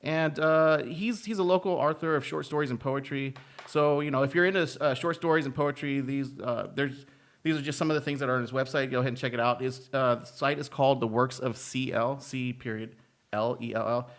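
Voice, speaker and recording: A man co-hosting a relaxed podcast, talking at a middling pitch. He rambles and halts, with plenty of fillers and restarts as he reads out shout-outs. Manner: rambling, halting with many fillers. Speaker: podcast co-host. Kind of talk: casual podcast chat.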